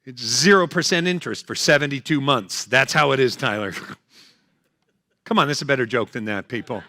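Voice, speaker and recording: A man's voice: medium pitch, normal speed, bright, forceful tone. An older man doing a stand-up comedy set, punchy, chatty and full of jokes.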